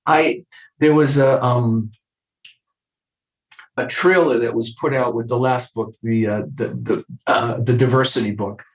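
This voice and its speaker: A man's voice: mid-range voice, fairly even intonation, a little slow, echoey room, rough recording. An older man, a clinical psychologist, talking earnestly in a podcast interview and acting out short exchanges with patients. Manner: earnest, acts out dialogue from patients.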